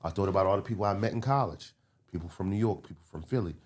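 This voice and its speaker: Low-voiced man telling stories animatedly. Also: very fast. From Baltimore and DC area, US. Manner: animated, slips into city accent impressions. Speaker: comedian guest. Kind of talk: casual podcast storytelling.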